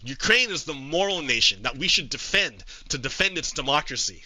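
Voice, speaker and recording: A male streamer giving casual political commentary to his live chat, halting with frequent repeats and restarts. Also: on the high side, expressive, sharp tone, slight background noise, low-quality recording.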